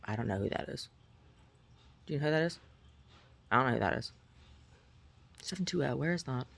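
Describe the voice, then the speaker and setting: A woman vlogger talking in a rambling, chatty way, often asking "right?" and at times jumping up into a high squeaky pitch. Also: expressive, brisk, gravelly. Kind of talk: casual rambling monologue.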